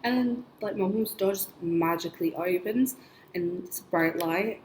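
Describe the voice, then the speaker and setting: A young woman vlogs about her dreams in a rambling, chatty way, full of "like" and little laughs. Her voice is on the low side and darkish at normal speed, recorded in an echoey room with faint noise.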